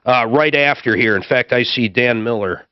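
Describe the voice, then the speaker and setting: A man hosting a radio call-in show, brisk and friendly, reading out phone numbers between callers. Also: medium pitch, crowd noise. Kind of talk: on-air call-in talk. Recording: dull, dry studio sound.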